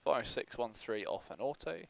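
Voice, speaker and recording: A man's voice: mid-range voice, lively intonation, normal speed, creaky. A man acting as captain in a flight simulator, polite and upbeat, with casual jokey chat and checklist calls.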